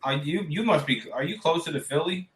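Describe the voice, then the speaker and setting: A man's voice: a little high, fairly quick, fairly bright tone. A man co-hosting a casual podcast, easygoing and asking direct questions. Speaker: podcast co-host.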